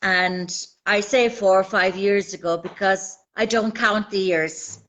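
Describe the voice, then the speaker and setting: A woman's voice: medium pitch, steady tone, a little slow, fairly bright tone, a little hiss or hum, poor audio. An Irish woman in her fifties speaks over a phone on a live video call. Her delivery is earnest and rallying, and she circles back to repeated phrases as she talks. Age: 50s. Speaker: guest. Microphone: phone held by hand on video call.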